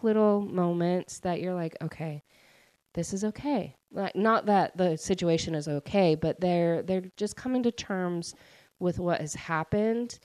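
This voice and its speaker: A woman's voice: lowish voice, a little mellow, smooth, dry recording. A woman recapping a novel she read, in a casual, chatty way full of "like" and "um". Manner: chatty, many fillers like "like" and "um". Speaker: book reviewer. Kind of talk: casual book recap chat.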